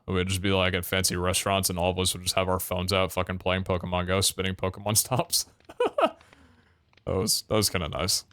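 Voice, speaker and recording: A man's voice: sits low, fairly bright tone, clean tone. A young man chatting casually and tiredly on a game stream, rambling, swearing and laughing often. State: tired, yawning.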